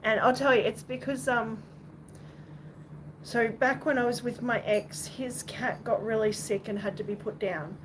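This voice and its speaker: A woman's voice: fairly high pitch, steady tone, measured pace. A young Australian woman from Western Australia chatting casually on a livestream at home, rambling and swearing now and then, and talking to her cat. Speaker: livestream host. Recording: noisy background.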